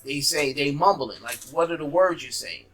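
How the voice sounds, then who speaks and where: A man's voice: a little high, moderate pace, fairly bright tone. A man in a casual discussion, blunt and incredulous as he makes his case.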